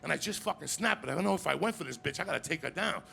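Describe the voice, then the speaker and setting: A man tells crude stand-up stories on a live stage. His voice is gravelly and fairly high for a man. The crowd can be heard clearly behind the stage mic. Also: animated, a little hiss or hum. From New Jersey. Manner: crude, loud, rapid storytelling, repeating "you understand me?". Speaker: stand-up comedian. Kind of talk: stand-up comedy set. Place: live comedy stage with audience.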